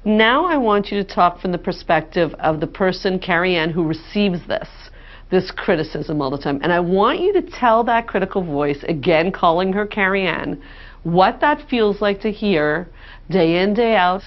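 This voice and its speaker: A woman therapist, calmly and steadily guiding a client through an exercise, on a dull lo-fi recording. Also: on the low side, moderate pace. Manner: calm, directive, steady.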